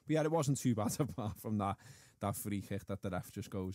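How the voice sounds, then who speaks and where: Easygoing low-voiced man. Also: animated, brisk, a little mellow. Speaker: podcast panellist. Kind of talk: football podcast chat.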